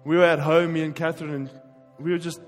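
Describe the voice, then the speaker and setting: A man preaching a sermon with passion, his voice swinging between forceful emphasis and quiet, hushed stretches. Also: on the high side, level tone, fast, in a large hall, faint music behind. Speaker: pastor.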